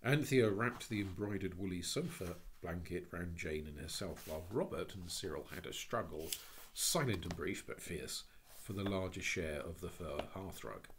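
A man narrating a classic children's story with expressive, lively storytelling. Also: deep voice, moderate pace, a little hiss or hum. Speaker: audiobook reader.

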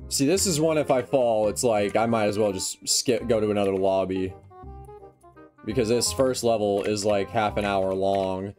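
A young man giving excitable, self-mocking commentary while playing a game, with yelps when he fails. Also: lowish voice, moderate pace. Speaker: gaming YouTuber. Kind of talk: casual gameplay commentary. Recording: faint music behind.

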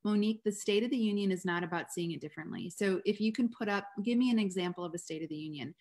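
A woman author speaking as the guest in a live webinar over a video call, with a steady, explanatory manner. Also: mid-range voice, fast talker.

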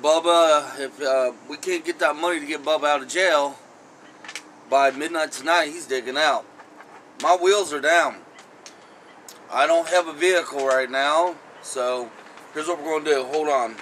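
Man, comic vlog host, rambling, fake phone calls, bright forceful voice, faint noise behind. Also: a little high, unhurried, rough recording. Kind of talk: improvised comic skit.

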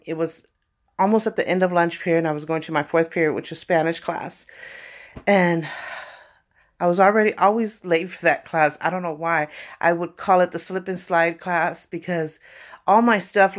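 A woman telling personal stories in a casual, conversational way, often saying "you know". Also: low-pitched. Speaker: vlogger.

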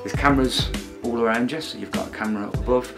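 A man's voice: mid-range voice, fast talker, creaky. A middle-aged man from Birmingham, chatting casually in a dry, teasing way as the vlogger's father. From Birmingham, England. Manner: dry, teasing, explaining at length. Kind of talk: casual chat. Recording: music playing behind.

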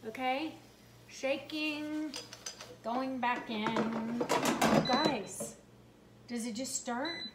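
A woman's voice: fairly high pitch, steady tone, extremely slow, long pauses, echoey room. A woman filming a casual cooking vlog in her home kitchen, chatting and thinking aloud as she reads out the instructions. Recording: loud background noise.

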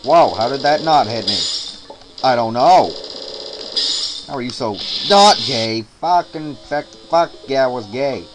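A let's player, a man, gives casual commentary on a hard game while worn out from staying up all night, frustrated and swearing, muttering and humming to himself. His medium-pitched voice has lively intonation and a measured pace, with game music loud underneath in a noisy background.

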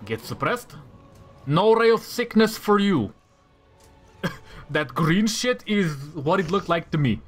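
A man's voice: high voice, lively intonation, takes it slowly, pauses often, faint music behind. A man giving casual gameplay commentary, talking to himself and trash-talking enemies with lots of swearing. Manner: talks to himself, reacting to rolls. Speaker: gamer playing a tactical role-playing game.

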